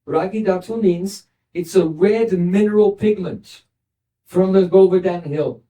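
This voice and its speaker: A man teaching as a spiritual teacher, gently retelling and explaining a scripture story. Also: high voice, moderate pace. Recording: voice distant from the mic.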